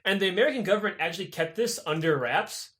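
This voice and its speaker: A young man co-hosts a casual podcast, spinning a history story with plenty of swearing. His voice sits high and swings widely in pitch. He breaks into quick voices for the people he describes. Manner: animated, profane, acts out characters in quick voices. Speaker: podcast co-host.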